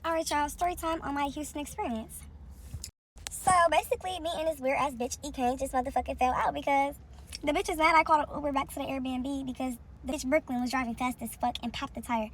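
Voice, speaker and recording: A woman's voice: high voice, steady tone, fast talker, a little hiss or hum. A woman telling a story in a heated, profane rant to her viewers.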